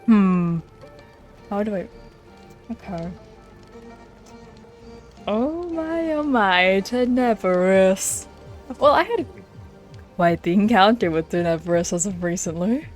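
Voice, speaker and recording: A woman playing a mischievous roleplay character who tells gossip in an animated, playful way. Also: medium pitch, slow pace, pauses often, faint music behind. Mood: gossipy.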